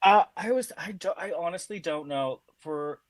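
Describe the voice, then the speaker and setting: Canadian drag queen guest, man, light higher voice, hesitant, fillers, video call. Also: moderate pace, no echo. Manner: hesitant, many "like"s and restarts. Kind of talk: casual chat on a video call podcast.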